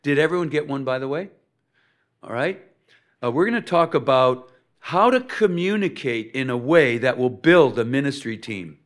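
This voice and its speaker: Man leading a church seminar, lively. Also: mid-range voice, normal speed.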